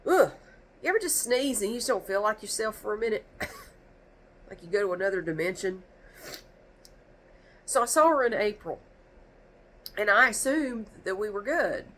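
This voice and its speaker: A woman's voice: medium pitch, normal speed, long pauses, poor audio. A woman telling a storytime rant to camera, exasperated and rambling, with a stuffy nose from sneezing. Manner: exasperated, animated, rambling with restarts. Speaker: vlogger.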